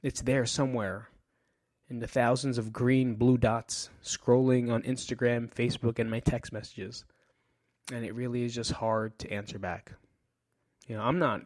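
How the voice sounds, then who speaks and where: A man's voice: medium pitch, fairly even intonation, normal speed, a little mellow, no room sound, studio quality. A man hosting a podcast, speaking frankly in a casual, personal monologue about his grief. He swears often and often trails off and restarts his sentences. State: grieving. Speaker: podcast host.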